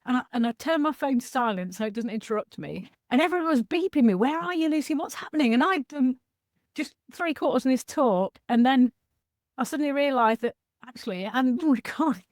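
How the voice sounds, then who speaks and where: A woman's voice: high-pitched, lively intonation, brisk, no room sound, clean studio sound. A woman in her sixties, talking frankly and animatedly as a sobriety coach on a video call, laughing easily. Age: 60s. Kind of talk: casual talk on a video call.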